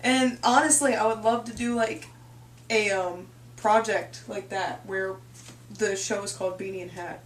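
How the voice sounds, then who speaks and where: A woman's voice: medium pitch, steady tone, measured pace, distant mic. A young woman from Canada hosting a casual chat, rambling and giggly. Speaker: host. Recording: echoey room, off-mic.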